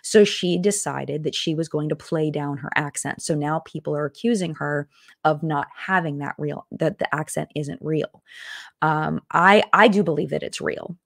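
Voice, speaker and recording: A young adult woman chats casually on a live stream, rambling and restarting her sentences as she reacts to viewer comments. Her voice sits low for a woman. The sound is close and dry, with no room around it. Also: moderate pace, creaky, no room sound. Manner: chatty, rambling, lots of fillers and restarts. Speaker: host of a live chat stream.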